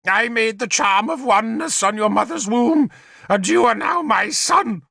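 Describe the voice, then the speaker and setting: A man voicing a cruel, gloating old male druid in an audiobook, with a shrill, gravelly voice and wild swings in pitch. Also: expressive, moderate pace, sharp tone, dry recording, clean studio sound, full character voice. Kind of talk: audiobook character voice.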